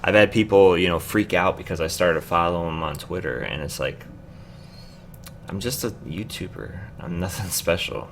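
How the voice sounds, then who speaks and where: Midwestern male YouTuber, very deep, loose and rambling delivery full of fillers. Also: normal speed, slight background noise. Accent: Midwestern American. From American Midwest. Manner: rambling and easygoing, with many fillers. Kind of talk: casual vlog chat.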